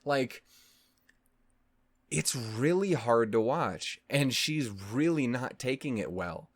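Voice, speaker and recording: Slow and mid-range, this man's voice comes through dry and studio quality as he rambles through an emotional, curse-laden reaction, restarting often with the expressive flair of a voice actor who hosts reaction videos.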